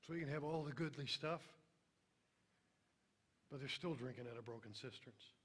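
A middle-aged man preaching a sermon, emphatic, then dropping to a hushed voice on tender lines. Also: medium pitch, normal speed, slightly rough.

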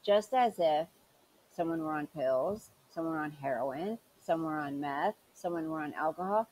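A woman's voice: low voice, moderate pace, darkish tone, a little hiss or hum, rough recording. Sarcastic woman scolding in commentary. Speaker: commentary channel host. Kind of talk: commentary on clips.

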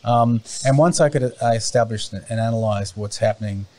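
Male interview guest, low voice, casual and meandering, patchy remote mic. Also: a little fast, darkish tone, no echo. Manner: rambling, many fillers and restarts. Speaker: interview guest, farm owner. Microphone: remote call mic, cutting in and out.

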